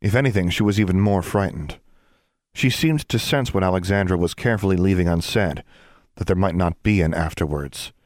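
A man narrating a fantasy story in an even, measured reading voice. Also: low-pitched, no echo, studio quality. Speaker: audiobook narrator. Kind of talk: scripted narration.

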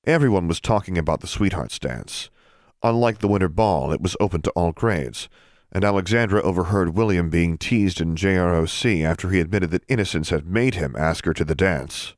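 A man reading an audiobook in steady, measured narration. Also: sits low, dry recording, studio quality. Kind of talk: scripted narration.

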